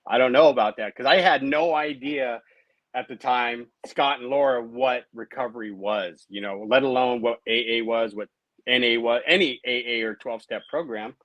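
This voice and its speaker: A man's voice: medium pitch, normal speed, no room sound, highs cut off. A man in his late thirties, a guest in an interview, telling his personal recovery story in a conversational way, often adding "right?" and "you know". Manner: conversational, many tag questions and fillers.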